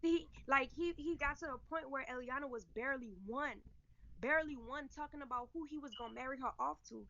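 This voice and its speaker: A woman's voice: sits high, a little fast, a bit bright, highs cut off. A woman telling her story emphatically and indignantly, often quoting what was said to her. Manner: emphatic, indignant, quotes others. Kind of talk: emotional storytelling.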